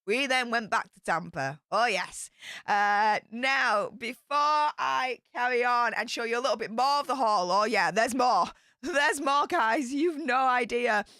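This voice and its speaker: Young woman streamer, chatty and excitable; bright, fairly high voice, dry close sound. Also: unhurried, no echo. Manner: chatty and excitable, with bursts of squealing. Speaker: YouTube streamer. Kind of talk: casual livestream storytelling.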